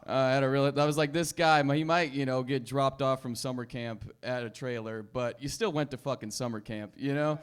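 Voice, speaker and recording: Smooth-voiced comic roasting the lineup. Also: male voice, medium pitch, fairly even intonation, a little fast, hardly any pauses. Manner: mumbled asides, sudden loud bursts. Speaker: stand-up comedian. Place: comedy club stage.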